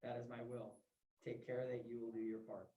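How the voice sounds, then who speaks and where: A woman in a classroom voicing a stern, cold male king, reading his commands in a low, clipped voice. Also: flat delivery, a little fast, dark tone, slight background noise. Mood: cold, commanding. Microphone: distant room mic. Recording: roomy, distant classroom recording.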